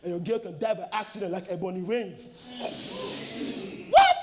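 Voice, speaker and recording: A man's voice: high voice, huge pitch swings, normal speed, noisy background. A young man from Nigeria delivering an aggressive, taunting, profane rap battle verse, recorded live. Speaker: battle rapper. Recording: live event with cheering crowd.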